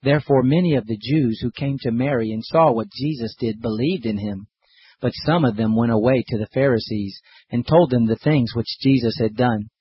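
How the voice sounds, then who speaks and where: A man reads scripture in a steady, measured way, his voice husky and a little breathy. The recording is dry and close, with a slightly dull, muffled top end. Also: mid-range voice, dry recording. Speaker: scripture reader. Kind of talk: scripted Bible reading.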